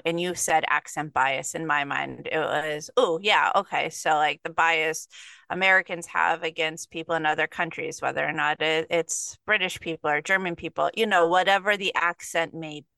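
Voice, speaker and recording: A woman's voice: low voice, normal speed, vocal fry, bright, forceful tone, clear, resonant tone, dry recording. A woman hosting a podcast interview, talking in a thoughtful, rambling way. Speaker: podcast host.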